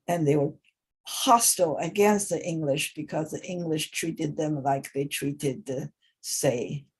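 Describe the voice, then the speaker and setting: A woman teaching an informal English lesson, talking in a halting way with many pauses and restarts. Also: low-pitched, darkish tone, slightly rough.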